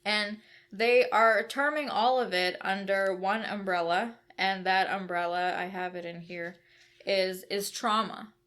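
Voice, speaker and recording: A woman's voice: medium pitch, fairly even intonation, measured pace, a bit bright. A woman with a mid-range voice co-hosts a book discussion podcast. She lays out her ideas point by point, asks rhetorical questions and checks in with "right?" and "you know". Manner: explanatory, builds points step by step with "right?". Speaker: podcast co-host.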